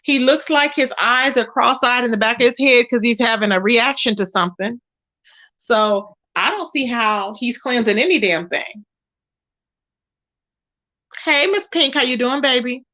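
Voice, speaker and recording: Unhurried and sharp-toned, a woman with a slightly high voice runs a casual livestream. She dishes sassy gossip about online drama and welcomes people in the chat by their names.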